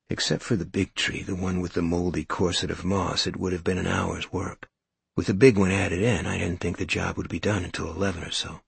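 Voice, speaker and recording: Low husky male audiobook narrator. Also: fairly even intonation, a little fast, no echo. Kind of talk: scripted first-person narration.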